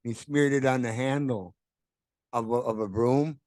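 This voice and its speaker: A man tells a short anecdote, stammering a little and laughing as he goes. His delivery is slow and unhurried, and his voice is dry and close to the mic. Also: medium pitch, fairly even intonation, darkish tone, no room sound. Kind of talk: casual anecdote.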